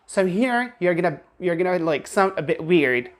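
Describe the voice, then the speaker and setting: Woman with a lowish voice, running a pronunciation lesson, drills words slowly. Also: animated. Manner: slow, drawn-out example words repeated for practice. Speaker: English pronunciation teacher.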